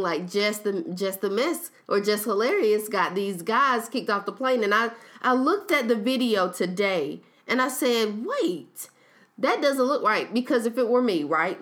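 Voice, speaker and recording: A young woman co-hosting a podcast in casual chat, retelling a story with lively quotes and laughing at her own slips. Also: medium pitch. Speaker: podcast co-host.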